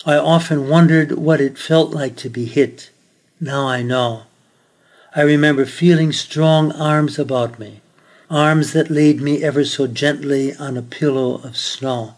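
A man's voice: fairly high pitch, fairly even intonation, measured pace. A man preaching a sermon, telling a story earnestly and then reading scripture aloud.

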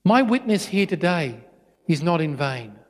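A middle-aged Australian man giving a storytelling witness talk in a church, animated and full of restarts. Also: on the high side, a little slow. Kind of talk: storytelling sermon. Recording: long church reverb.

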